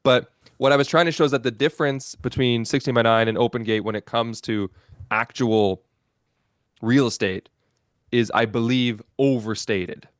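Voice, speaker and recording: A man's voice: medium pitch, moderate pace, dry recording, studio quality. A man in a casual online panel chat about cameras, rambling through his point and laughing at his own stories.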